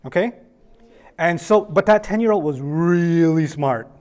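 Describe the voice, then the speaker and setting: In a room with children listening, a man with a slightly high voice speaks a little slowly as he tells them a story during a lesson. He's animated, changing his voice to act out the characters and asking the kids questions.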